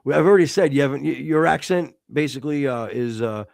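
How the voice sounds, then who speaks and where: A man's voice: medium pitch, steady tone, fast, creaky, a little mellow, no echo, studio quality. A man in his fifties co-hosting a podcast, teasing his partner with crude, profane, mock-insulting banter. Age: 50s. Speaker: podcast co-host. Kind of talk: casual chat.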